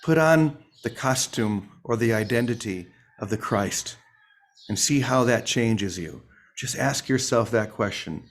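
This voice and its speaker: Slow-spoken man leading a spiritual session. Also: medium pitch. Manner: warm-humored, playful, addresses listeners by name. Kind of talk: informal sermon.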